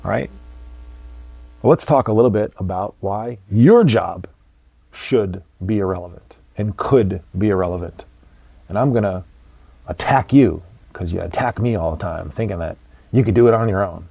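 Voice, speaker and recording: A man's voice: lowish voice, animated, measured pace, creaky, a little mellow, dry recording. A man hosting a motivational podcast, talking bluntly and emphatically, with casual swearing. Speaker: podcast host.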